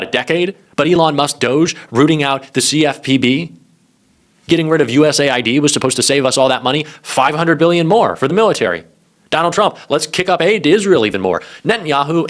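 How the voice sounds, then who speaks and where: Brief: young man, political commentator, angry sarcastic rant, swears freely, mid-pitched voice. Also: a bit bright.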